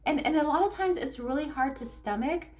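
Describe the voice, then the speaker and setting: Woman spiritual coach, higher voice, candid and halting, personal talk straight to camera. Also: expressive. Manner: candid, halting, repeats phrases while recounting; soft, grounding, reflective. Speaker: spiritual coach and tarot reader.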